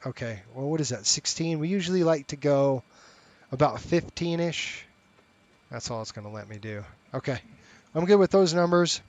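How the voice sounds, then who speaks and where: A man's voice: fairly high pitch, lively intonation, moderate pace. A middle-aged man streaming a flight sim, chatting casually and talking straight to his viewers. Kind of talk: casual live-stream chat and commentary.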